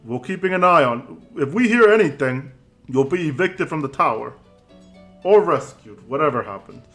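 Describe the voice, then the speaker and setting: A man playing wary tower wizards, higher voice. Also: lively intonation, normal speed, fairly bright tone, soft background music.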